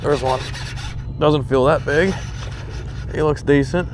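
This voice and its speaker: Excited man fishing on a river. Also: a little high, takes it slowly, long pauses, slight background noise. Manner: excited, talks to the fish. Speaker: fishing vlogger. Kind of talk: casual narration while fishing. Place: outdoors on a river boat.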